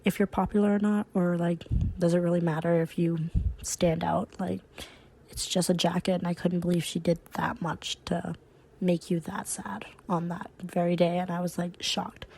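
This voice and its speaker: A woman's voice: on the low side, gravelly, dark tone, breathy edge. A woman co-hosting a podcast, talking earnestly and supportively in casual chat. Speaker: podcast co-host.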